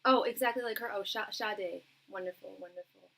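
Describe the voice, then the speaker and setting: A young woman hosting a live tarot reading stream, chatting casually and warmly with her viewers, with frequent ums and soft laughs. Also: on the high side, fast, vocal fry, low-quality recording. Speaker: tarot reader and livestream host. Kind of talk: casual livestream chat with viewers.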